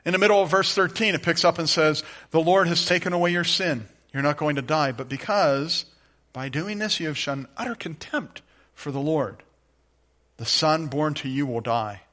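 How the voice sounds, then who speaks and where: A middle-aged pastor on the high side, speaking at a moderate pace, delivers a sermon. He shifts from quiet, conversational storytelling to emphatic, rising declarations.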